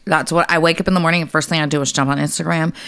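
A woman co-hosting a casual podcast chat, talking bluntly and swearing freely as she tells animated stories. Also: sits low, rapid-fire, clear, resonant tone, no room sound. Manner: blunt, profane, animated storytelling. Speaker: podcast co-host.

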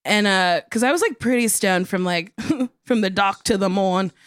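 A woman in her thirties telling a story in casual chat, acting out the people she quotes in a higher voice. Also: normal speed, smooth, no echo, clean studio sound. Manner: animated, acts out quotes in a higher voice. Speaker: comedian guest.

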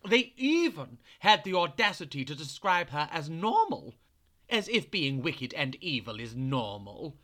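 A man hosts a children's story podcast, telling the tale in a playful, chatty way. His pitch leaps around expressively and his tone is bright, and he takes his time. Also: measured pace. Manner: playful, chatty, animated narration. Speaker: host and storyteller.

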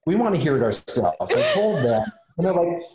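In a very noisy recording with roomy echo, a man who does special effects makeup shares a story, his voice on the high side and fairly quick. He keeps it casual but lively, voicing each person in the tale himself.

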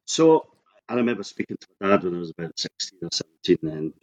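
A middle-aged Scottish man who grew up in Scotland, a guest in a casual interview, telling stories in a relaxed way and laughing easily. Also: low voice, fast.

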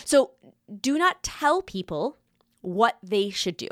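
A woman hosting a podcast, giving an earnest, animated monologue in a casual, conversational way. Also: fairly high pitch, slow, no echo, studio quality. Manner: animated, earnest, talks with her hands. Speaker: podcast host.

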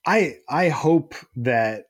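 A man's voice: mid-range voice, animated, very slow. A man co-hosting a comic book podcast, talking casually and rambling as he hunts for the right words. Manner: rambling, many fillers and restarts. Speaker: podcast co-host. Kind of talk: casual chat.

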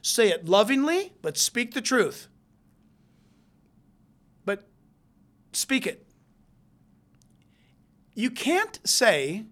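A preacher delivering a sermon, moving between hushed, intense stretches and loud, emphatic ones. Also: mid-range voice, big pitch swings, drawn-out words, pauses often.

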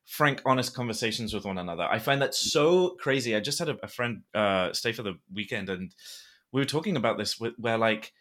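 A man hosting a podcast, talking casually in a frank, animated way and swearing now and then. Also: lowish voice, a little fast. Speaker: podcast host. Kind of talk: casual chat.

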